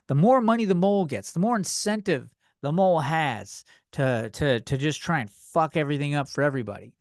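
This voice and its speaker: A young man delivers a comedic podcast rant, swearing freely and working himself up as he goes. His voice sits a little high. The sound is dry and close to the mic, with no room around it. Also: no echo. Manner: ranting, profane, worked-up and loud at times. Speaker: podcast host.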